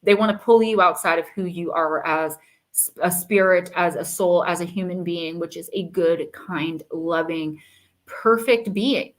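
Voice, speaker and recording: A woman's voice: on the low side, measured pace. A woman hosting a live-stream oracle card reading, speaking casually with frequent fillers and reading card meanings aloud. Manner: chatty, reads card text aloud, many fillers.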